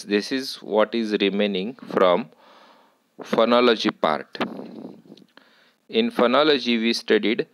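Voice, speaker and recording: A man giving a university lecture, explaining slowly and deliberately with frequent pauses. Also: on the low side, dry recording, poor audio. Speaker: English lecturer.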